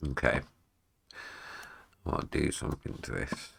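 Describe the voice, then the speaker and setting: A man's voice: a little slow, heavy background noise. A man, chatting casually to his viewers during a live stream, swearing freely, tired and yawning. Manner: chatty, swears casually, talks to chat between tasks. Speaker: music producer streaming live.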